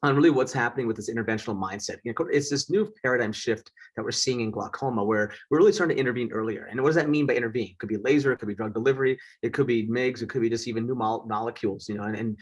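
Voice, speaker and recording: Fast-talking, husky male eye surgeon. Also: mid-range voice. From United States (Southeast Wisconsin). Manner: fast, chatty, self-joking. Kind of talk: casual online lecture. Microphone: video call.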